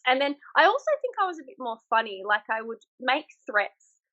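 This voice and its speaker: This is a casual interview chat on a remote call with a thirty-something Australian woman, once a military instructor. Her high-pitched, slightly fast voice carries frank, animated anecdotes punctuated by frequent laughs, though the audio loses its high frequencies.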